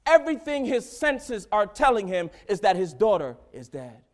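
A man preaching a sermon, swinging from hushed, low lines to loud, fervent exhortation. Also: very animated, moderate pace.

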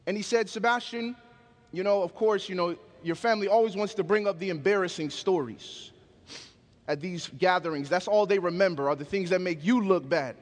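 High-voiced male preacher in a hall. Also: brisk. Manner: storytelling, emphatic, call-and-response. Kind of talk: sermon.

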